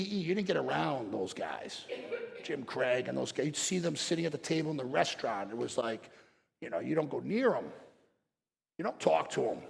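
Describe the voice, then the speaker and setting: Speaking from a stage to fellow practitioners, a man with a slightly high voice and vocal fry delivers a blunt motivational talk. He tells stories and acts out people's words, and the hall adds long reverb.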